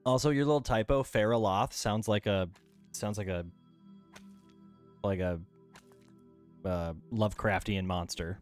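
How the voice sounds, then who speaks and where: Streaming a game from his home, a man chats loosely and playfully, rambling along. He speaks slowly in a fairly low, steady voice, leaving long pauses, while soft music plays in the background.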